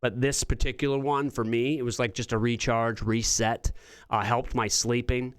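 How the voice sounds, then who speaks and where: A comedian guest on a talk show, telling stories in a rambling, self-interrupting way. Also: male voice, mid-range voice, level tone, moderate pace, smooth. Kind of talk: casual storytelling chat.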